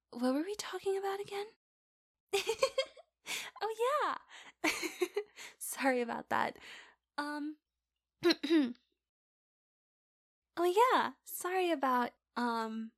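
A woman in a whispered role-play as a girlfriend, giggly and teasing, speaking softly into a close mic. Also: high voice, slow pace, pauses often, no room sound. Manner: giggly, teasing, soft-spoken.

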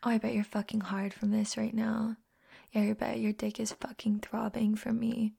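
A young woman acting a scornful, domineering roommate in a whispered role-play, talking in a mocking, contemptuous way with a husky voice. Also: on the high side, flat delivery, normal speed, mellow, exaggerated voice. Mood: teasing.

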